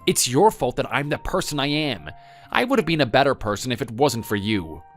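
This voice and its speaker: A man's voice: medium pitch, very animated, a little fast, soft background music, lightly acted. A man voicing a resentful grown son who bitterly blames his mother. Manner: bitter, defensive.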